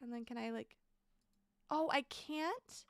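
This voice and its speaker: Young female streamer, bubbly and chatty, high-pitched, dry close mic. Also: slow, smooth, dry recording. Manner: bubbly, repeats exclamations, thanks chat excitedly. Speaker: game streamer. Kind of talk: casual live-stream chat while building in a game.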